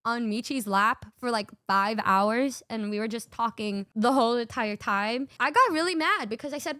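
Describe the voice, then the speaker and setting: A high-voiced woman streamer tells a story in an animated way, laughing often and swearing freely. She is recorded on a close, dry mic. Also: moderate pace, few pauses, dry recording. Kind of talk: casual storytelling.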